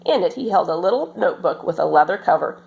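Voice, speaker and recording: A woman reading a children's story aloud as storyteller, in an expressive, animated manner. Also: fairly low pitch, fast, vocal fry, highs cut off.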